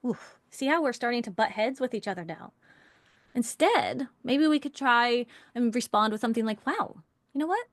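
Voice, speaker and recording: A woman teaching an online relationship communication workshop, animated, asking rhetorical questions and acting out example phrases. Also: a little high, normal speed, no echo, studio quality. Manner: acts out example phrases in changed voices.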